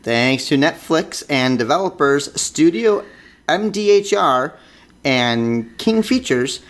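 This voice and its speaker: Animated jokey podcast co-host, a man. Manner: jokey, bursts into sound effects and high squeals. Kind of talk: casual geeky podcast chat.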